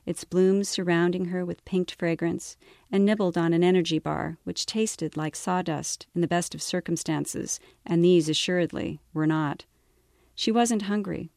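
A woman author reading her novel aloud in a measured, wry manner. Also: fairly low pitch, vocal fry, darkish tone, dry recording, studio quality.

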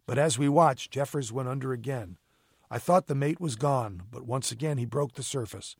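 A man reading a story aloud as narrator, steady and even. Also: mid-range voice, moderate pace, husky, dry recording, studio quality. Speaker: audiobook reader. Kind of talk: scripted narration.

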